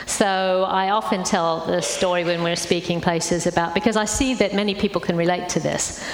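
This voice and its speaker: A woman's voice: lowish voice, fairly even intonation, normal speed, slight background noise. Woman preaching in an echoey hall. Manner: warm conversational preaching with many fillers. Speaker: guest speaker. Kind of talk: sermon talk. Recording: echoey hall, faint ambience.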